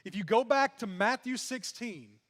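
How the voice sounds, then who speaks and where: A man's voice: very high-pitched, moderate pace, a bit bright. A man preaching a sermon as pastor, telling the story with animation and acting out what the characters say. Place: church hall. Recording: long reverb of a church hall.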